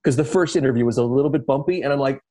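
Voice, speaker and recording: A man in an easygoing podcast conversation, thinking aloud about his work as an entertainment interviewer. He rambles and restarts a lot, leaning on fillers, at a middling pitch. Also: rapid-fire, dark tone. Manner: reflective, rambling with many fillers.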